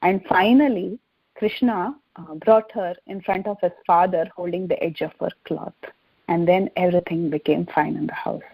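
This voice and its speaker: A woman telling a devotional story in a gentle, unhurried way, with frequent fillers. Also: on the low side, steady tone, creaky, breathy edge, dry recording. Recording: dull dry recording.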